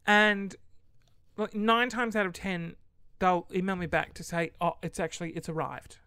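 A woman's voice: on the low side, fairly even intonation, moderate pace, bright, forceful tone, smooth, dry recording, clean studio sound. Chatty, exasperated young woman. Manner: chatty and exasperated, often laughing mid-sentence. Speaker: small online shop owner. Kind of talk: casual chat to camera.

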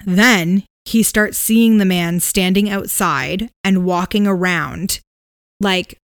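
A woman's voice: mid-range voice, slow pace, smooth, no echo, studio quality. A woman co-hosting a podcast, casually retelling a ghost story with "um"s and "like"s. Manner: relaxed retelling with fillers and hedges. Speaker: podcast co-host.

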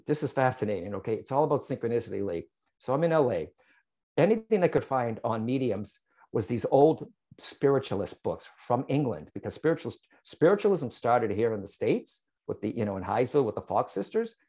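A man, a psychic medium, telling his story to an interviewer and often checking in with "right?" and "okay?". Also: medium pitch. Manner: animated, speaks straight to the host, frequent "right?" and "okay?".

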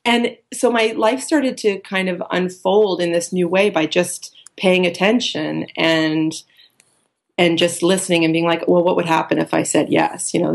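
Woman life coach, interview guest; chatty storyteller with a creaky, gravelly edge who acts out the voices she quotes. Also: on the low side. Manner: chatty, with many fillers and restarts.

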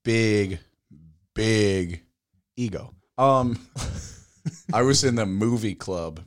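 Low-voiced easygoing guy telling stories. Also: very slow. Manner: easygoing, self-mocking storyteller. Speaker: podcast co-host. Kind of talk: casual chat.

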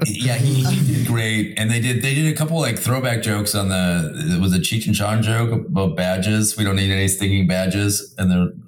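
Deep-voiced man rambling with a laugh. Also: echoey room. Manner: halting, full of "like" and restarts, laughs. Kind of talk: casual film-review chat.

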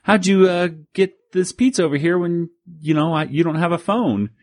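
A man's voice: high-pitched, moderate pace, a little mellow, pitched above the performer's own voice, natural voice. A man voicing a flustered old male inventor who stammers in bewilderment. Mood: baffled.

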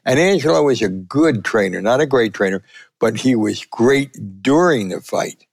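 An older man, a veteran sportswriter telling a lively story and acting out the quotes. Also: normal speed, gravelly. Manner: lively, acts out quotes with big pitch jumps. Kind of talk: animated storytelling.

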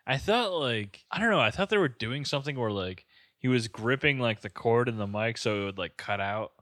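A man's voice: medium pitch, lively intonation, a little fast, a bit bright, dry recording, studio quality. A man in casual movie-riffing chat, swearing, laughing and rambling with "like" as he talks. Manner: profane, laughing, loose and rambling.

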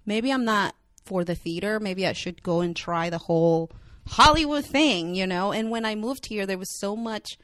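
A woman's voice: mid-range voice, normal speed, hardly any pauses, fairly bright tone, no room sound, studio quality. A young woman with a Spanish accent, chatting candidly as an interview guest with lots of filler words. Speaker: actress and writer guest. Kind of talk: casual interview talk.

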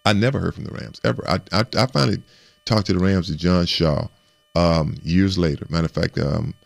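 Male guest, very low and rough-edged voice, chatty storyteller with lots of restarts, dry close sound. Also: fairly quick, no echo. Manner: animated storyteller who repeats and restarts words and acts out quotes. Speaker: guest recounting his playing career. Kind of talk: casual storytelling interview.

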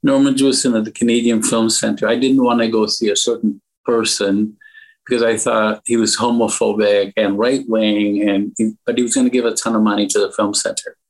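A man's voice: fairly low pitch, little pitch movement, brisk, low-quality recording. A man from Lebanon, interviewed as an entrepreneur and art collector, telling rambling anecdotes with restarts.

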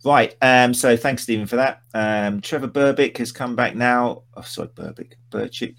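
A man's voice: mid-range voice, fairly even intonation, moderate pace, fairly bright tone. A man hosting a casual live-stream chat, teasing and rambling with his guest. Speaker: podcast host.

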